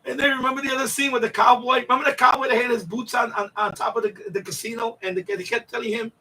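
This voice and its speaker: A man's voice: extremely high pitch, fairly even intonation, quick pace, hardly any pauses, sharp tone, slightly rough, recorded from a distance, poor audio. A man hosting a casual livestream, telling a story in a rambling, profane way with many repeats and restarts. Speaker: livestream host.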